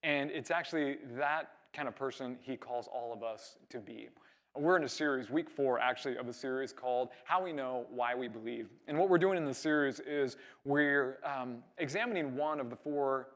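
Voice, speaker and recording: A young man from California preaching a sermon, telling a story with lively acted-out dialogue. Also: medium pitch, moderate pace. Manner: animated storyteller, acts out quoted dialogue. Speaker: pastor.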